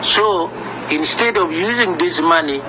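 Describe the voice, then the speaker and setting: A man recalling someone in an interview, speaking in a halting way that repeats words. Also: fairly high pitch, noisy background.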